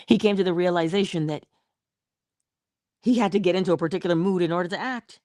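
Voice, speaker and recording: A middle-aged woman giving a motivational morning talk, speaking slowly and deliberately and answering her own rhetorical questions. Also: lowish voice, a little mellow, dry recording, studio quality. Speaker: inspirational speaker.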